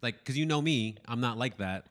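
A man's voice: mid-range voice, brisk. A young man co-hosting a casual podcast, telling a story and acting out the voices of the people in it. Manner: animated, acts out quoted voices, laughs often. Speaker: podcast co-host.

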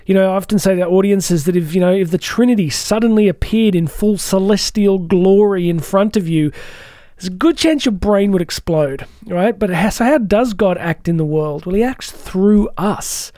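A man's voice: high voice, normal speed, dark tone, dry recording, clean studio sound. A man hosting a devotional podcast for teachers, talking earnestly and repeating key lines for emphasis. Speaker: podcast host and speaker for Catholic teachers. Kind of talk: devotional motivational talk.

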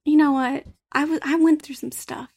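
Chatty young woman, high pitch, laughing storyteller on a casual podcast. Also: steady tone, moderate pace, darkish tone. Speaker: podcast co-host. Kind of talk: casual chat.

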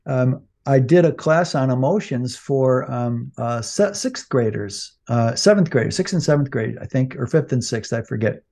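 A man's voice: mid-range voice, expressive, normal speed, gravelly, few pauses, mellow. A man co-hosting a podcast, talking casually with many fillers and restarts. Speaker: podcast co-host.

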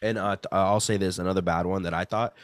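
A man co-hosting a casual podcast, telling animated stories and imitating what others said. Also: sits low, quick pace, dry recording. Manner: animated storyteller, mimics quotes. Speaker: podcast co-host. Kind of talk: casual chat.

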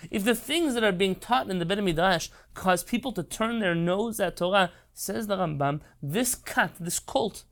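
A man's voice: sits high, moderate pace, hardly any pauses, fairly bright tone. A man giving an impassioned Torah lecture, emphatic and rhetorical. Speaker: rabbi.

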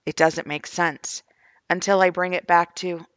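A woman's voice: lowish voice, steady tone, measured pace, a bit bright, no room sound, dull audio. A middle-aged woman, a grieving mother, reads her own journal posts aloud in an earnest, questioning way as she shares her faith testimony.

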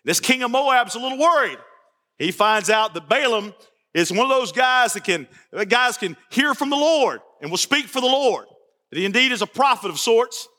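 High, bright-voiced preaching man in a hall. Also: expressive, normal speed. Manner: folksy preaching with repetitions and asides. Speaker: pastor. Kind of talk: sermon. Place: church. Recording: church hall reverb.

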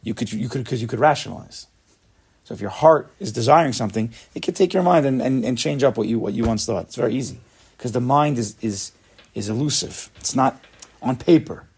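A man's voice: medium pitch, fairly quick, a little mellow, husky. A man giving a spoken Torah lecture, emphatic and repetitive, often dropping Hebrew terms into his English. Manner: emphatic, repeats words, sprinkles in Hebrew terms. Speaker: Torah teacher.

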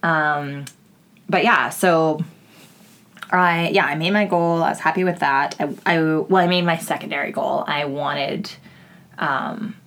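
Low-voiced young woman telling stories. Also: fairly even intonation, measured pace, a bit bright. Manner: chatty storytelling, frequent swearing and "like" fillers. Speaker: podcast co-host. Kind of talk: casual chat.

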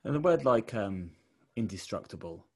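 A middle-aged man with a Portsmouth accent interviews a guest in a relaxed conversational way. His voice sits low, and he circles his questions with restarts and self-corrections. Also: fairly quick, slight background noise.

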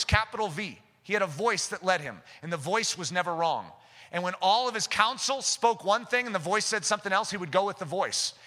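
A man preaching a sermon, his high, sharply bright voice ringing through a long hall reverb. He talks steadily and then climbs into impassioned, shouted prayer.

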